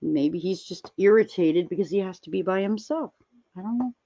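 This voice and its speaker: A woman streaming, chatting casually with viewers while she crafts, rambling and gently reassuring them with lots of fillers. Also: medium pitch, moderate pace, creaky, husky, lo-fi sound. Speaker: livestreamer answering chat.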